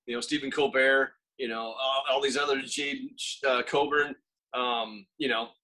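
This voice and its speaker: A man co-hosting a casual podcast on a video call, quick-witted and fond of profane banter. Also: mid-range voice, steady tone, pushed and bright, poor audio. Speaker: podcast co-host. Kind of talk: casual chat.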